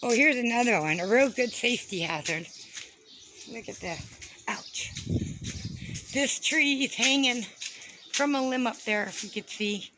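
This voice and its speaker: Fed-up woman vlogger, slightly high voice, swearing, on a noisy outdoor phone recording. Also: measured pace, pauses often. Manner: fed-up, ranting, swears often. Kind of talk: walking tour vlog, complaining. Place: outdoors around a house with birds.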